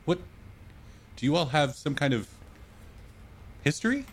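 A man's voice: a little high, very animated, a little slow, breathy edge, voice pushed up, heavily acted. A man voicing a poised, confident woman in a tabletop game, with a wry, upbeat manner. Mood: breezy. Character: poised, confident adult woman named Arancis.

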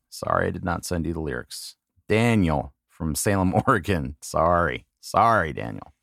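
A middle-aged man with a very low voice speaks in a casual solo monologue for his podcast. He is halting and apologetic, pokes fun at himself, and reads names out slowly one by one. The sound is close and dry, with no room echo at all. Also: fairly bright tone. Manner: halting, apologetic, self-deprecating. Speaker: podcast host.

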